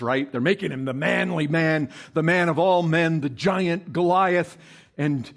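Emphatic preaching man, higher voice. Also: gravelly. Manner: preaching with rising emphatic bursts and drawn-out stresses; reads scripture aloud and questions the listeners. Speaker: pastor. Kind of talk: sermon.

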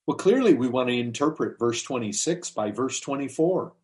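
A man's voice: mid-range voice, expressive, normal speed, a little mellow. A man preaching a sermon in a conversational way, asking rhetorical questions and acting out quoted lines.

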